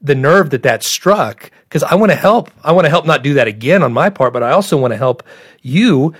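A man's voice: a little high, lively intonation, fairly quick, slightly rough, dry recording, clean studio sound. A man guest explaining his point at length in an earnest, explanatory way. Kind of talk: conversational interview.

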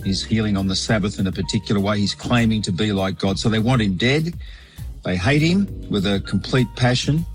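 A man, a bishop, giving a measured, explanatory weekly sermon reflection. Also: lowish voice, faint music behind, low-quality recording.

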